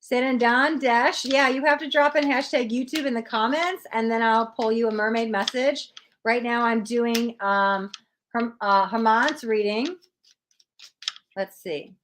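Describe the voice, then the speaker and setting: A woman's voice: a little high, fairly even intonation, a little slow, a bit bright, slight background noise. Blunt, chatty woman tarot reader. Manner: blunt, chatty, reads out chat comments. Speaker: tarot reader hosting a live stream. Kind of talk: live-stream tarot reading, chatting with viewers.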